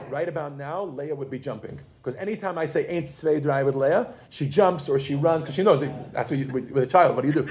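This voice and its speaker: A man's voice: fairly high pitch, brisk, few pauses, a little mellow. A man teaching a beginners' Yiddish class to a group, playful and joking as he leads them through counting. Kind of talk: classroom lesson. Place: classroom with a group of adult learners.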